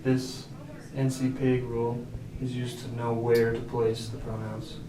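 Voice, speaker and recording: A man patiently walks a student through a grammar rule, checking often that she follows. His voice comes from a distance in an echoey room. Steady noise runs underneath. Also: medium pitch, unhurried. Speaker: Spanish tutor. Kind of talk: explaining grammar at a whiteboard.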